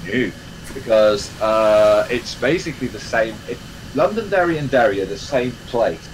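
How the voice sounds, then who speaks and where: A man's voice: mid-range voice, animated, moderate pace, background noise. A man hosting a live game stream, chatting casually and rambling with lots of fillers and restarts. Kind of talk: casual chat while playing a train game.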